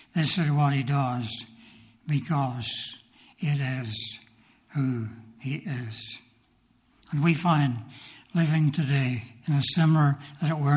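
A man preaching a sermon in a measured, earnest way, reciting scripture and hymn lines, then leading a prayer. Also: a little high.

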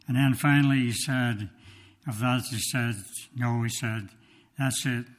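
Man preaching slow, emphatic sermon. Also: medium pitch. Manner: slow, emphatic storytelling with dramatic pauses; reads from notes.

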